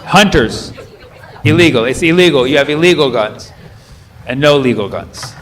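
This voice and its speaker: A man's voice: medium pitch, expressive, moderate pace, slight background noise. A man doing live stand-up crowd work on stage, quizzing the audience and correcting himself mid-sentence. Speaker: stand-up comedian. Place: comedy club stage. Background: audience laughter and room murmur.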